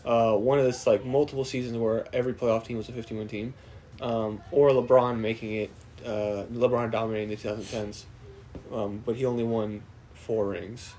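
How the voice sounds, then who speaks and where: A man's voice: mid-range voice, little pitch movement, normal speed, mellow, a little hiss or hum. A man co-hosting a podcast, arguing in a heated casual chat, often interrupting, swearing and laughing. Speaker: podcast co-host.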